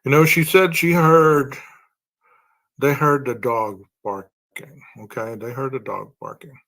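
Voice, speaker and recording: A podcast host delivers a true-crime monologue slowly and deliberately, reasoning aloud through long strings of rhetorical questions. His voice is ordinary middle pitch, a bit bright, with fairly even intonation.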